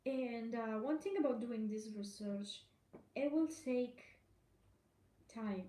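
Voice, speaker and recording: A woman's voice: on the high side, lively intonation, slow pace, mellow. A woman hosting a solo podcast, talking in an indignant, emphatic way, swearing freely and repeating herself. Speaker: podcast host.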